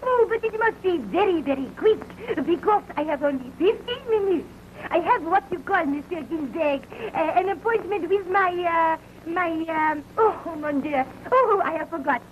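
An actress playing a vain, temperamental young French film star with a French accent, coquettish and given to fiery theatrical outbursts. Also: female voice, extremely high pitch, lively intonation, normal speed. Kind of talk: 1920s early talkie acting. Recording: dull early film soundtrack, faint hiss.

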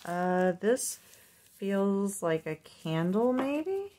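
A woman chatting softly as she unboxes a purchase, cooing and slipping into gentle whispers. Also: on the low side, a little hiss or hum. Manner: slow, soft-spoken, drifting into gentle whispers and coos. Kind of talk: casual unboxing chat.

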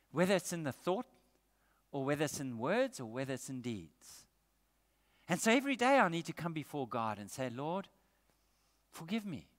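A man's voice: a little high, a bit bright. A man preaching a sermon as pastor, earnest and emphatic. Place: church. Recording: echoey church hall.

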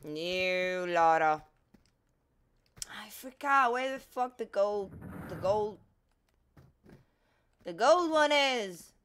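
This gaming streamer is a woman whose native language is Portuguese, with a mid-range, fairly bright, smooth voice and lively intonation. She draws out her words and leaves long pauses while she plays a video game, chatting casually, muttering to herself, and exclaiming or swearing when things go badly.

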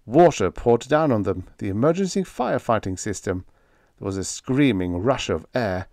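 A male narrator reads a vintage science fiction story in an expressive, lively way, his pitch moving a lot between phrases. His voice sits at an ordinary middle pitch. The sound is dry and close, with no room around it. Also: normal speed, dry recording. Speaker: audiobook narrator. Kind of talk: scripted narration.

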